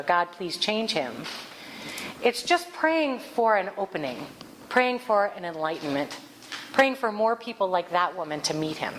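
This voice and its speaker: Woman minister, lower voice, lively storytelling sermon with faint room noise. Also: rough recording. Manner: animated storytelling, acts out quoted voices.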